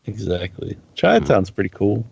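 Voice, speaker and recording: A man's voice: fairly low pitch, sing-song, moderate pace, gravelly, darkish tone, husky, no echo. A man on a podcast, chatting casually and telling long, rambling stories with plenty of swearing. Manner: rambling storyteller, swears freely. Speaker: podcast co-host. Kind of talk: casual chat. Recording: slightly dull, dry recording.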